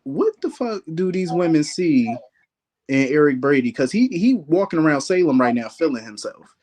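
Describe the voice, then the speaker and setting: A man's voice: a little high, sing-song, normal speed, darkish tone. A man in a casual chat, talking in a blunt, profane and slangy way.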